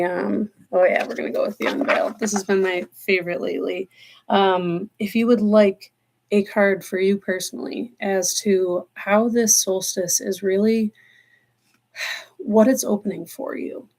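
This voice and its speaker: Earnest woman tarot reader on a livestream, meandering talk with slowed emphasis, emotional edge. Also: mid-range voice, creaky, a little mellow. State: choked up, near tears. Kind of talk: live-stream spiritual talk.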